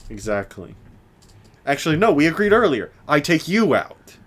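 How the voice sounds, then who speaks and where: A young man co-hosting a casual podcast chat, rambling with lots of restarts and animated rants. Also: on the high side, moderate pace. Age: young adult. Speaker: podcast co-host.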